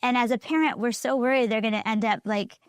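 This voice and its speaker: A middle-aged woman co-hosting a parenting chat, animated and laughing often as she tells stories. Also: fairly high pitch, fast, clear, resonant tone, no room sound, clean studio sound. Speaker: podcast co-host. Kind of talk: casual chat.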